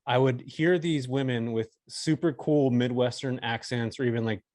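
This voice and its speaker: A man's voice: medium pitch, steady tone, normal speed, darkish tone, no room sound. A man in his forties from California, a podcast guest telling a story in a laid-back, slangy way. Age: 40s. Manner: laid-back, slangy, says dude and bro. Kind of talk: casual storytelling interview.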